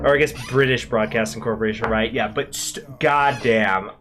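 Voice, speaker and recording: A man's voice: mid-range voice, steady tone, normal speed, over music. Chatty, cursing man hosting a game stream. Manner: rambling, chatty, swears freely. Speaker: gaming channel host. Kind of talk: casual gameplay commentary.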